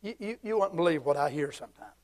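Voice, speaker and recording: A Southern man in his fifties preaching a fiery, folksy church sermon, swinging between shouts and hushed asides. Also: on the high side, expressive, fast talker. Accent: Southern American. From Southern United States. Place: church sanctuary.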